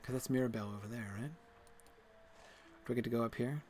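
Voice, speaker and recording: A man's voice: mid-range voice, fairly even intonation, fairly quick, a little mellow, a little hiss or hum. Rambling man lecturing while gaming. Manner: rambling and digressive, many fillers and restarts; enthusiastic, laughs at himself. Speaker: host. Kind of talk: casual lecture while playing a game.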